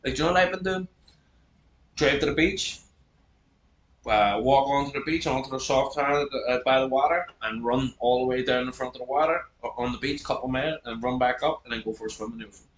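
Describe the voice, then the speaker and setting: Fast-talking man in his thirties. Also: medium pitch. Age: 30s. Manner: swears a lot, rambling and animated. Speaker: podcast guest. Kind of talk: casual chat. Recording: echoey room with faint background noise.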